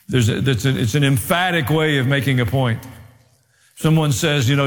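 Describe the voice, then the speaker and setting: Man preaching in a reverberant hall. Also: normal speed. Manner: preaching, growing more emphatic and raised in pitch; humorous asides. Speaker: pastor. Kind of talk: sermon.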